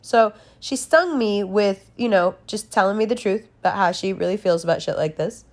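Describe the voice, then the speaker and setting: A woman's voice: medium pitch, moderate pace. A young woman talking candidly in a casual monologue, swearing freely and laughing as she tells a personal story.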